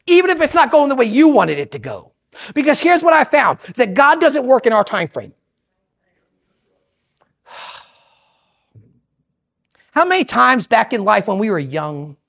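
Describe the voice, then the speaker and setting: Animated high-voiced woman preaching. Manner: animated preaching, swings from loud bursts to hushed asides. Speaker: pastor. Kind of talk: sermon.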